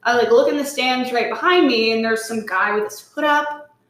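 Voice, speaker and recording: Animated swearing woman, roomy echo. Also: fairly high pitch, normal speed. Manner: animated, swearing, lots of "like", acts out quotes. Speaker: podcast guest. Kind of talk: casual storytelling chat.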